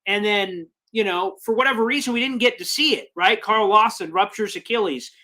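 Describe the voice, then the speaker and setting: A man hosting a live fan stream, reading viewer comments and talking in a passionate, rambling way while emotional and excited. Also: brisk. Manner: high-energy, passionate, rambling. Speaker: sports fan show host.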